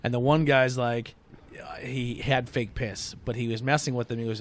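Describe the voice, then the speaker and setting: A man's voice: mid-range voice, flat delivery, fairly quick. A man co-hosting a podcast, telling rambling stories, acting out quotes and laughing as he goes. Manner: rambling storyteller who acts out quotes and laughs. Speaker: podcast co-host. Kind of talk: casual chat, animated retelling.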